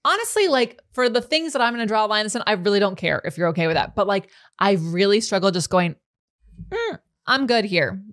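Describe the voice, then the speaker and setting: A woman's voice: mid-range voice, quick pace, hardly any pauses, a bit bright, no echo, clean studio sound. A woman hosting a podcast in casual conversation, thinking aloud with lots of fillers and restarts. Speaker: podcast host.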